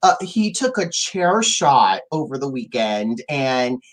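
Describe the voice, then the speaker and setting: A young man co-hosting a casual chat podcast in a campy, theatrical manner, with a mid-pitched voice. He makes crude jokes and swings his voice high and low. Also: very animated, slow pace. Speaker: podcast co-host.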